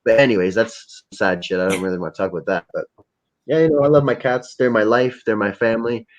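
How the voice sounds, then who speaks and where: A man's voice: fairly low pitch, fast talker. A young man hosting a livestream, telling rambling, profane, jokey stories in casual chat. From Canada. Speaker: livestream host. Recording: dull lo-fi stream audio.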